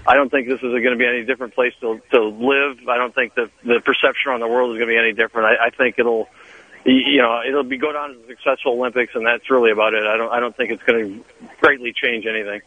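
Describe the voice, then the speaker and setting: A man's voice: medium pitch, fairly even intonation, fast, dry recording. A man calling in to a radio show, answering in a hesitant way with many restarts. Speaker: correspondent calling in. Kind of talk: casual radio phone interview. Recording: lo-fi phone line.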